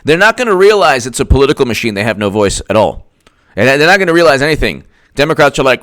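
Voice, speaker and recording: A man's voice: mid-range voice, very animated, fast talker, a bit bright, dry recording, studio quality. A man hosting casual livestream commentary, sarcastic and mocking, who laughs often and answers viewers' chat. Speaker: political commentator, host.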